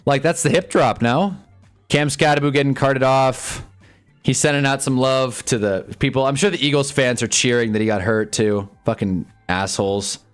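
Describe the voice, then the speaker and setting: A man's voice: medium pitch, steady tone, normal speed, clear, resonant tone, faint music behind. A man giving frustrated, profane commentary while watching a game live on a stream. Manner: swears a lot, frustrated fan reactions.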